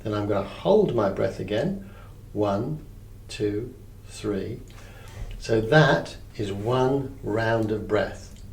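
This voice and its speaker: Calm man coaching breathing. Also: fairly low pitch, slow pace, gravelly, recorded from a distance, slight background noise. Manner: calm, checks in often with "yes?" and "okay?". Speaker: mindfulness coach. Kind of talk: guided breathing lesson. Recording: echoey room, voice off-mic, faint ambience.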